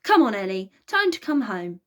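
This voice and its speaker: A woman voicing a dramatic young goddess of love in a storybook, shrill and screaming. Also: sing-song, normal speed, fairly bright tone. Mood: frantic.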